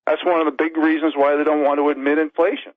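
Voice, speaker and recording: A man's voice: a little high, flat delivery, no room sound. Winded man in his sixties from New York City, phoning in a fervent political speech; dry, lo-fi phone sound. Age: 60s. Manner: emphatic, rapid-fire list of demands. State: out of breath. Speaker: radio show guest, author. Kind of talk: impassioned political call-in monologue. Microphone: phone call. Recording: tinny phone line.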